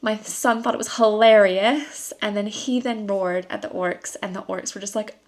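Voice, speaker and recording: A woman chatting to camera in an easy, rambling vlog style, her voice sitting at an ordinary middle pitch. She fills her sentences with ums and likes and lifts into laughter as she recounts a family outing. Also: moderate pace. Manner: lively storytelling with laughs. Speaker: vlogger and costume maker. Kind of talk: casual chat to camera.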